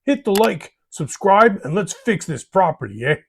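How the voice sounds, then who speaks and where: A man's voice: high voice, sing-song, normal speed, vocal fry, slightly rough. A man hosting a hobby channel, delivering a scripted monologue in a folksy way, ending lines with "eh?" and "bud".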